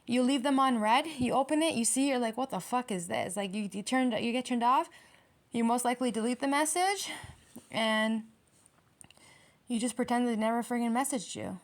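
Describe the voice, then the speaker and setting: A woman's voice: fairly high pitch, moderate pace. Blunt, profane woman reading tarot. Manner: blunt and profane, with emphatic rhetorical questions. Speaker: tarot reader. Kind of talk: casual tarot reading monologue.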